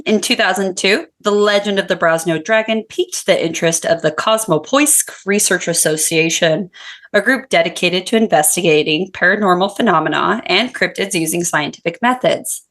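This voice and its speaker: A woman with a fairly low voice co-hosts a podcast. She mixes profane, laughing banter with stretches where she reads her research notes aloud. It is a relaxed, casual chat. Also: moderate pace. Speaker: podcast co-host.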